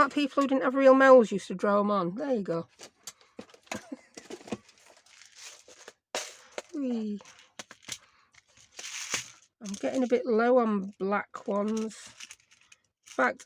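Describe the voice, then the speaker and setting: A woman's voice: mid-range voice, moderate pace, a little hiss or hum. A woman with a Yorkshire accent chatting casually through a craft tutorial at her desk, self-mocking and dropping in dialect words. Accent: Yorkshire English. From Yorkshire, England. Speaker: craft vlogger.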